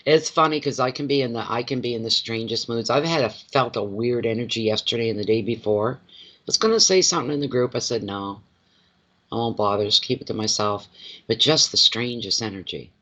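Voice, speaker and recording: A man, a card reader chatting casually on a livestream from home, expressive and quick to laugh, greeting viewers by name. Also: medium pitch. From Atlantic Canada.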